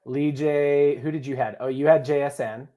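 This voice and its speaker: Young guy running a live stream, chill warm voice, joking with chat. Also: medium pitch, steady tone, moderate pace, lo-fi sound. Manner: jokey, chatty, talks to chat and co-hosts. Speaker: livestream host. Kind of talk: casual live chat reading viewer comments.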